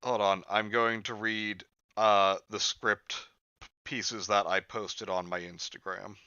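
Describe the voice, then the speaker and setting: A man hosting a casual comedy podcast, talking in a deadpan, self-deprecating way. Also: on the low side, takes it slowly, clean tone, dry recording, highs cut off. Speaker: podcast host.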